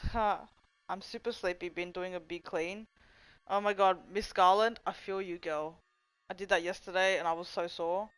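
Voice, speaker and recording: A young woman chats loosely on her livestream, cursing often and drifting between jokes and reading out chat. Her voice comes across smooth and clear, and the sound is dry and close with no room echo. She talks at a middling pitch. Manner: chatty, profane, goofy, reads chat aloud. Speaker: livestream host. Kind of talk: casual rambling livestream chat.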